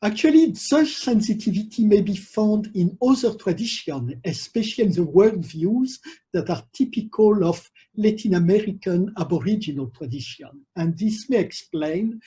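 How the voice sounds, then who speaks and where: A man lecturing on theology at a university, speaking in a measured, professorial way with pauses between phrases. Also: high-pitched, animated, warm tone, breathy edge.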